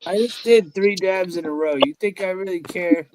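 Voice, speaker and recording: A man's voice: sits high, moderate pace, a little mellow, a little hiss or hum, low-quality recording. A man hosting a live stream, chatting loosely and swearing a lot. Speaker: stream host. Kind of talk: casual profane chat. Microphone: streaming call.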